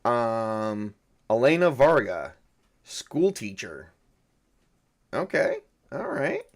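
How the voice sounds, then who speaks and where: Speaking very slowly yet very animatedly in a mid-range voice, a man runs a solo tabletop game as its game master. He thinks out loud, rambling, correcting himself and chuckling at his own jokes.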